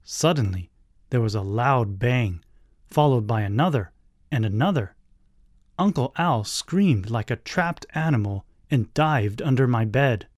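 A man narrates a children's story in a measured, deliberate way. His delivery is slow, and his pitch moves a lot to color each line. The recording is dry and close. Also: lively intonation, dry recording.

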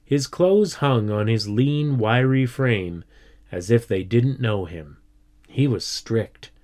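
A man narrates a children's story in a slow, deliberate way. His voice sits at an ordinary middle pitch and stays steady throughout. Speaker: reader.

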